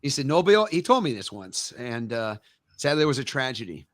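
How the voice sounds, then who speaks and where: A man's voice: mid-range voice, very animated, a little fast, no room sound. Middle-aged male karate master, emphatic anecdotal storyteller, dry close sound. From United States. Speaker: karate master, interview guest. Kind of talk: storytelling in a casual interview.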